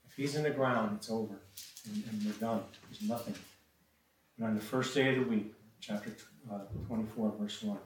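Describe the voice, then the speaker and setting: A man's voice: fairly low pitch, steady tone, normal speed. A man preaching a sermon and reading scripture, often hesitating with repeated words and ums. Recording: echoey room from a distant mic.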